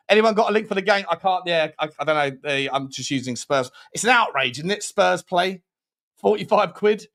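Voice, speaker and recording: A man's voice: sits high, lively intonation, a little fast, a bit bright. A young man hosting a live stream, chatting casually, reading out viewer comments, swearing and laughing often. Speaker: host.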